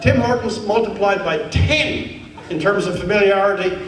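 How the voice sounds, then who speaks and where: A high-voiced keynote speaker from Newfoundland, Canada, gives a humorous storytelling speech in a large conference hall at a moderate pace. Animated and wry, he builds to earnest rhetoric, heard from far off in the echoey hall with a faint crowd.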